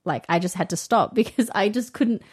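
A woman in relaxed podcast chat with a mid-range voice. She is chatty and pokes fun at herself. She laughs easily as she talks. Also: mid-range voice, a little fast, breathy edge. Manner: chatty, self-deprecating, laughs often. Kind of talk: casual chat.

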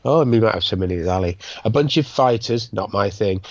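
Low-voiced man, dry dull podcast sound. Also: a little fast, gravelly, dry recording. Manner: chatty, reads messages aloud. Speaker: podcast co-host. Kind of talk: casual chat.

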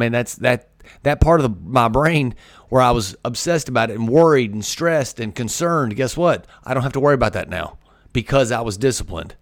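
A man's voice: mid-range voice, lively intonation, normal speed, no room sound. A man hosting a podcast, talking energetically about discipline and repeating his key points for emphasis. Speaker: podcast host. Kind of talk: motivational podcast monologue.

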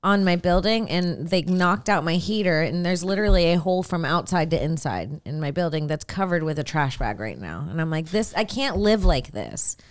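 A woman's voice: fairly low pitch, lively intonation, moderate pace, few pauses. A woman chatting casually as a podcast co-host, telling stories crudely and acting out the dialogue, laughing often. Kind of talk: casual chat.

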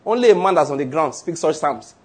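A man preaches in a husky, rather high voice. He delivers his sermon in an animated way, joking and acting out scenes as he goes. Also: a little fast. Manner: animated preaching with humor and acted-out anecdotes. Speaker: pastor.

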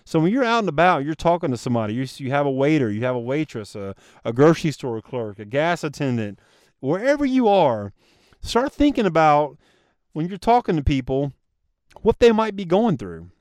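A man's voice: on the high side, sing-song, fairly quick, a little mellow, no room sound, clean studio sound. A man hosting a solo motivational podcast, talking earnestly and casually to his listeners and calling them guys. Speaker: podcast host.

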